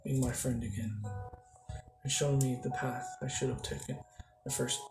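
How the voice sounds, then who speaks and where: Guy doing a calm young ninja dude, quiet and thankful, music behind. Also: medium pitch, moderate pace, gravelly, roomy sound, close to an everyday voice, rough recording. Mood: grateful.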